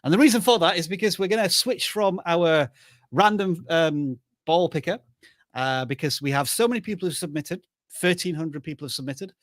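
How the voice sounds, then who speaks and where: A man's voice: on the high side, moderate pace, no echo, clean studio sound. A man co-hosting a live stream in casual chat, playful and thinking aloud. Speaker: livestream co-host.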